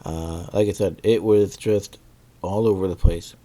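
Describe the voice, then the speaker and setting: A man with a very low voice gives a casual, rambling video review. His tone is dark and mellow. He often stops and restarts while he searches for the right word. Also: steady tone, measured pace. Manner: rambling, many fillers and restarts, searching for words.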